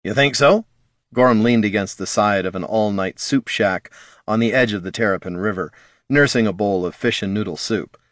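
A man with a fairly low voice narrates a fantasy audiobook at normal speed, telling the story expressively. The recording is studio quality with no room sound.

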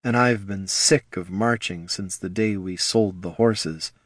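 A man voicing a blunt, fiery young sorceress, speaking slowly and dryly with little change to his own voice. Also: low voice, a bit bright, no room sound, studio quality. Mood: concerned.

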